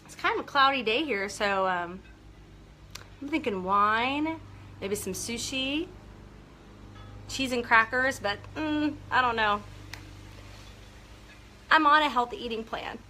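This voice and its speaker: A high, bright woman's voice with an upbeat, gushing manner. She coaches live viewers and greets them by name as she talks. A faint hum of room ambience sits behind her. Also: expressive, slow pace, long pauses. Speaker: business coach. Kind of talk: casual live video talk to viewers.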